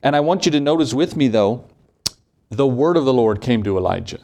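A man preaches an emphatic, pulpit-style sermon in a middle-pitched, mellow voice at a moderate pace. He keeps posing rhetorical questions to drive his points home.

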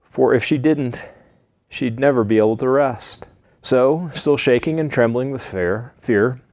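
A man reading a story aloud in an earnest, slightly halting way with small slips. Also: medium pitch, darkish tone, no echo. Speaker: narrator.

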